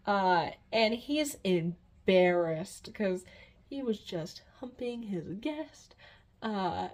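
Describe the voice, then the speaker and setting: A woman's voice: medium pitch, expressive, measured pace, a little mellow. A woman recapping a book in a casual, rambling way, with many fillers and giggles. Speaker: book reviewer.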